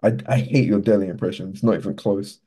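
A man's voice: lowish voice, steady tone, fast, warm tone, breathy edge. A man co-hosting a podcast, teasing his friends and telling stories in casual chat. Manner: teasing, storytelling banter. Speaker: podcast co-host.

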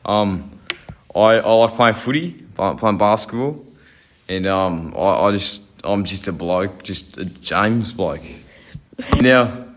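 Teen Aussie boy co-host, casual rambly podcast chat, lowish voice. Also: takes it slowly, a bit bright. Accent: Australian. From Australia. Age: teens. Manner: rambling, restarts, laughs at own stories.

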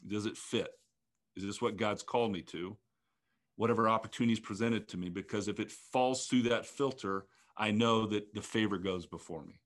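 A man in his fifties, a ministry leader, telling a personal testimony in an earnest, reflective way, often halting and restarting. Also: fairly low pitch.

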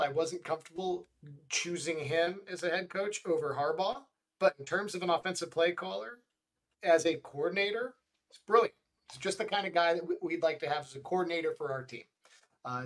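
A man, a guest on a sports podcast, chatting casually and quizzing the others. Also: a little high.

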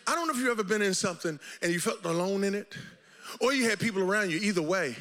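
This male pastor preaches quickly and passionately, trading shouted lines for hushed, low passages. He repeats his phrases rhythmically.

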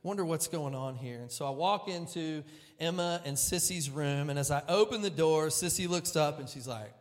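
Pastor guy, pretty high voice, telling a story in his sermon, jokes on himself, gets loud then real quiet. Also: normal speed. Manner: animated, self-deprecating, swings from loud to hushed.

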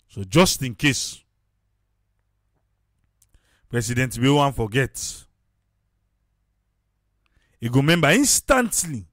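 A man with a Sierra Leonean Krio accent giving casual political commentary, animated and repeating phrases for emphasis. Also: mid-range voice, slow pace, long pauses, no echo, clean studio sound.

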